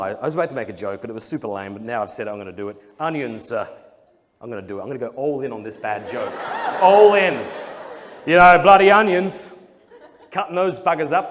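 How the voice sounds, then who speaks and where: Joking Australian man on a big stage. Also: mid-range voice. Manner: joking storyteller, acts out quoted voices. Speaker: Catholic speaker. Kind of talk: comedic talk to a live audience. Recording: live hall with long reverb, faint crowd ambience.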